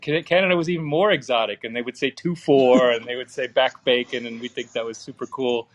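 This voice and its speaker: A man's voice: mid-range voice, fast, over a noisy crowd. A middle-aged man co-hosting a live podcast, easygoing with a dry sense of humor and frequent chuckles. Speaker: podcast co-host. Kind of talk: casual live podcast chat.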